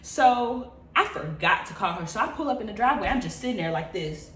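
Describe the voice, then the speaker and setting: Expressive, profane woman storyteller; casual storytime vlog, echoey room. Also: medium pitch, a little fast, slight background noise. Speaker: vlogger.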